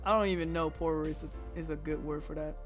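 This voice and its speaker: A woman streamer reacting excitedly and laughing while reading game dialogue aloud. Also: low voice, quick pace, soft background music.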